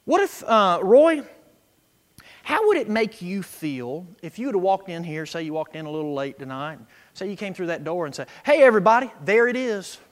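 A man preaching a sermon, swinging from quiet asides to loud, emphatic scripture reading. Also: on the high side, expressive, a little fast, few pauses. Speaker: pastor. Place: church sanctuary. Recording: echo with long reverb in a church.

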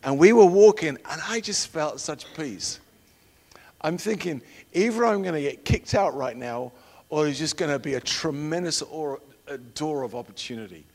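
Higher-voiced man preaching in a reverberant hall. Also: lively intonation, moderate pace, creaky. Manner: emphatic, swinging from loud declarations to hushed storytelling. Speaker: preacher and missionary trainer. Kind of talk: sermon with personal storytelling.

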